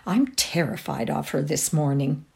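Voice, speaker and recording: A woman voicing a fussy, flustered upper-class mother who gives brisk orders in a raised voice. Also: sits low, gravelly, a little mellow. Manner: dreamy and vague, then brisk and commanding.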